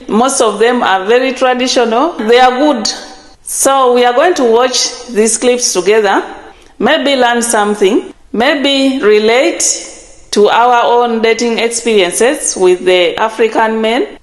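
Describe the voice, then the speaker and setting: A woman hosts a reaction video, speaking slowly and deliberately. Her voice sits a little high, and the room around her rings with echo. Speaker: channel host.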